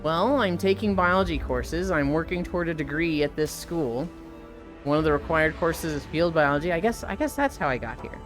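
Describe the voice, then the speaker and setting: A woman streamer chatting casually to her live audience, telling crude stories in an animated way and reading chat messages aloud. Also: low voice, moderate pace, over music.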